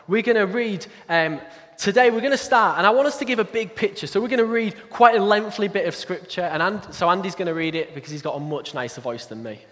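A man giving a sermon in a conversational, self-deprecating way, with quick asides. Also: sits high, lively intonation, fairly bright tone. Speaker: pastor. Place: church hall. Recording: echoey church hall.

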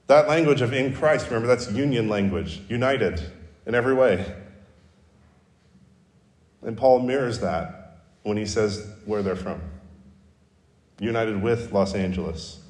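A pastor preaching a sermon in a conversational, storytelling way, with self-deprecating humor. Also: male voice, on the low side, a little slow, long pauses, a little mellow. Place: church sanctuary. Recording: roomy hall reverb.

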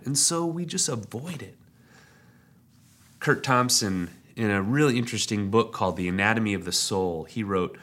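A man preaching a sermon as lead pastor, conversational and animated, acting out quoted complaints with rising intensity. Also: on the low side. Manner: conversational, personal asides.

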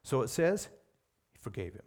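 A man preaching a sermon in an emphatic way, with sudden rises in pitch and loudness on key words. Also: very animated, normal speed.

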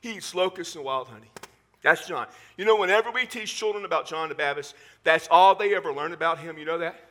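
A male pastor with a Southern Texas accent preaching a sermon in church, animated and full of joking asides. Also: a little high, fairly quick.

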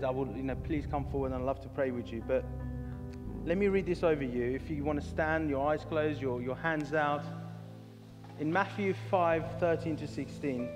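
A man preaching a sermon in a church hall, earnest and halting, often restarting his words. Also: fairly high pitch. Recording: reverberant church hall with soft music.

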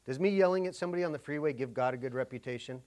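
A man's voice: medium pitch, rapid-fire, a little mellow. Man preaching in a loose, chatty way. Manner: conversational preaching, acting out inner dialogue. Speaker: pastor. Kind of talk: sermon.

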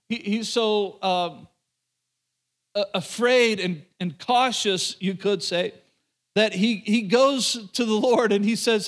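A male pastor in the middle of a sermon, telling a story with an animated, conversational delivery. His voice sits fairly high for a man, and he speaks directly to the people listening.

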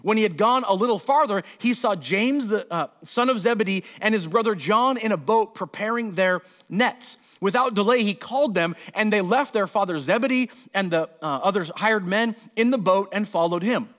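A man with a notably high voice preaches a sermon as pastor. He reads scripture passages, then breaks into loose, conversational asides, acting out lines in quick put-on voices. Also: fairly bright tone.

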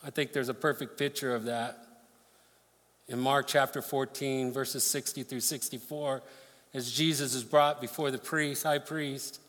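A man's voice: mid-range voice, steady tone, a little slow, fairly bright tone, big-room sound. A man preaching a sermon, reading scripture aloud and explaining it with emphasis. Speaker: pastor.

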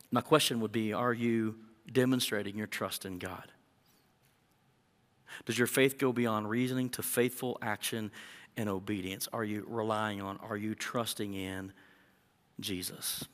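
A man preaches to his congregation and slips into lively acted-out prayers and dialogue. His mid-pitched voice carries a long reverb, as if recorded in a big church sanctuary. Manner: animated, acts out prayers and dialogue with rising pitch. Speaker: pastor. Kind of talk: sermon.

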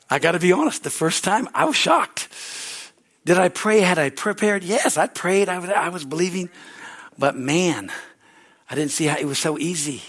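Animated pastor preaching, a bit high. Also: male voice, moderate pace, long pauses. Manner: animated storytelling preacher, frequent restarts. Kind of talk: sermon. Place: church service.

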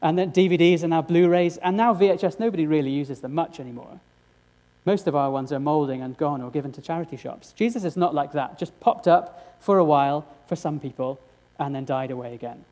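A man's voice: fairly high pitch, a little fast, mellow. A man preaching a sermon, earnest and direct, often asking his congregation rhetorical questions.

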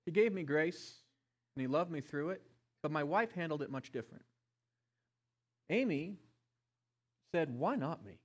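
A middle-aged man preaching a sermon, passionate, swinging between loud emphasis and hushed tones. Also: fairly high pitch, animated, unhurried, long pauses. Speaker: pastor.

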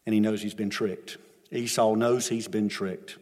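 Preacher with an emphatic, repetitive storytelling delivery. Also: male voice, fairly low pitch, steady tone, unhurried, darkish tone, big-room sound. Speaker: pastor. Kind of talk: sermon. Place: church sanctuary.

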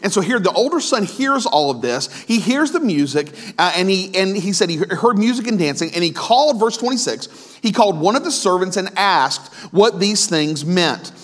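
A man's voice: sits high, animated, moderate pace. A male pastor giving a conversational sermon, full of asides, restarts and questions to the congregation.

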